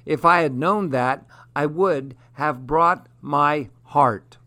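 A man voicing a quick, clever young male monkey in a storybook, pitching his voice up and sounding eager. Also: pushed and bright, exaggerated voice. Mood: pleading.

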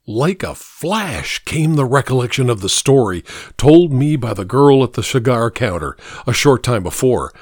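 A man reading a first-person suspense story aloud in a measured, dramatic way. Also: medium pitch, big pitch swings, darkish tone, no echo, studio quality. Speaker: narrator.

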